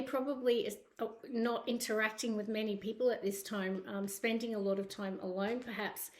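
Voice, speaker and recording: A woman with a Scottish accent giving a casual tarot reading, chatty, with many fillers and tag questions. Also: fairly high pitch. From Scotland. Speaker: tarot reader.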